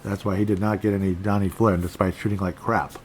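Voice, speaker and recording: A man's voice: low voice, level tone, fast talker, slight background noise. A middle-aged man hosting a casual sports podcast, rambling through stats with frustrated, self-deprecating asides. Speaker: podcast host.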